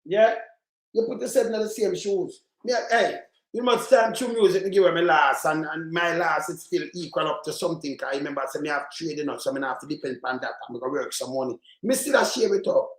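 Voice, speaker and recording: A man's voice: fairly high pitch, fast talker, fairly bright tone. A man with a Jamaican accent hosting his own channel, ranting angrily about politics in a rambling, patois-laced way and swearing often. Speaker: channel host. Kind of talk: heated political rant. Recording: roomy echoey sound.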